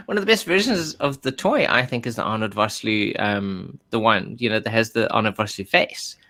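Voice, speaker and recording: A man's voice: fairly low pitch, expressive, normal speed, a bit bright. A South African man co-hosting a casual podcast, talking with frequent ums and restarts. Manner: hesitant, many ums and restarts. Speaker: podcast co-host. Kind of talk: casual chat.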